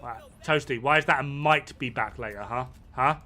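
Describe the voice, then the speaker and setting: Man, chatty and rambling, amused, bright voice, playing a game. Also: medium pitch, normal speed, a little hiss or hum. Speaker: gaming streamer. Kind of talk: casual commentary while playing.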